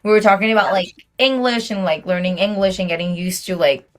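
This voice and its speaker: A woman's voice: mid-range voice, brisk. A woman hosting a podcast in casual chat, rambling and laughing often. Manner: giggly, rambling, excitable. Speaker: podcast host.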